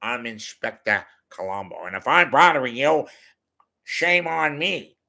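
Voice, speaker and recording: A man's voice: mid-range voice, a little slow, gravelly, pushed and bright, pitched above the performer's own voice, exaggerated voice. A man putting on the voice of a rumpled older male TV detective, hesitant and overly polite. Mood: apologetic.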